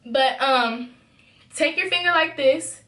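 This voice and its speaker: A young woman vlogger from Memphis, USA, delivers a worked-up, emphatic storytime straight to her viewers. Her voice is high-pitched, bright and forceful, taking it slowly in an echoey room.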